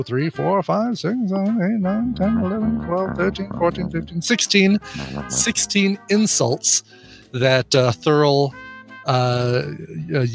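Higher-voiced man running a podcast game. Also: gravelly. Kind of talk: casual comedic chat.

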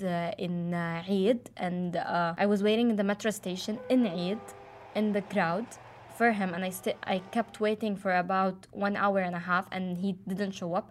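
Hesitant young woman, halting speech. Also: mid-range voice. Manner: hesitant, many fillers and restarts. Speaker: client describing relationship. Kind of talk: casual conversation.

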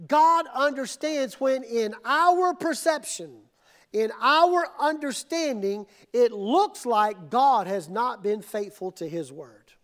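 A male pastor with a strikingly high-pitched voice delivers a sermon. He builds from quiet, measured reflection to impassioned outbursts, voicing desperate prayers aloud. He sounds middle-aged and fully invested in the preaching. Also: animated.

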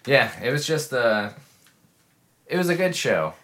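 A man's voice: mid-range voice, very animated, a little slow, fairly bright tone. A young man co-hosting a casual podcast, rambling with lots of fillers and laughing. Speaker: podcast co-host. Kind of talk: casual chat.

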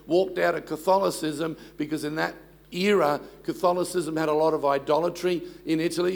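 A man's voice: on the high side, vocal fry. A man, preaching a sermon and telling stories with self-deprecating humor. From Australia. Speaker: pastor.

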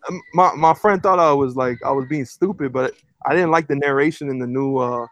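A man's voice: mid-range voice, fairly quick, no echo. Rambling man on a dry podcast mic. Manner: rambling, many fillers and restarts. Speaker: podcast co-host. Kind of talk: casual podcast chat.

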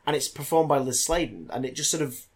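A man's voice: medium pitch, fast. A man in casual podcast chat as co-host, talking animatedly with many fillers.

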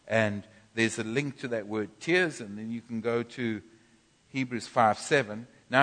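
Man preaching in a reverberant church. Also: mid-range voice. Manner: animated, bursts into loud groans and cries. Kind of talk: sermon. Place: church hall.

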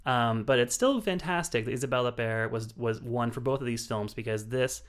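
A man's voice: medium pitch, brisk, clean tone. Chatty man co-hosting a film podcast. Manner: chatty, thinks aloud with many fillers. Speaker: film review podcast co-host. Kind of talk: casual film review chat.

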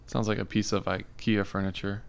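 A man's voice: lowish voice, level tone, moderate pace, vocal fry, clear, resonant tone. A man co-hosting a casual comedy podcast, talking in a rambling, self-deprecating way. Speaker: podcast co-host.

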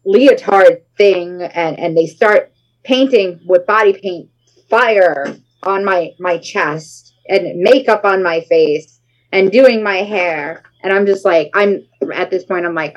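Animated woman telling a story. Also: on the low side, unhurried, rough recording. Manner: animated, dramatic retelling with acted quotes. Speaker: guest. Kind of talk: casual storytelling interview.

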